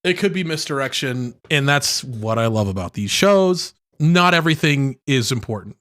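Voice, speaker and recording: A man's voice: medium pitch, lively intonation, moderate pace, a bit bright. A man co-hosting a podcast in casual chat, blunt and teasing, swearing casually. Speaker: podcast co-host.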